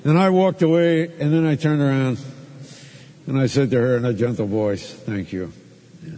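A man's voice: mid-range voice, steady tone, normal speed, dark tone, big-room sound. A man preaching a sermon in church, telling a personal story and then leading a closing prayer. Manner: storytelling, acts out his own raised voice in quoted arguments.

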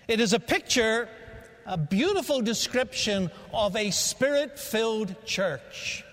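Man, faded Northern Irish accent, high voice, guest preacher, echoing church hall. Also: lively intonation, unhurried, fairly bright tone. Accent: Northern Irish, faded by years in America. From Northern Ireland. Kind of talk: sermon. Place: large church sanctuary.

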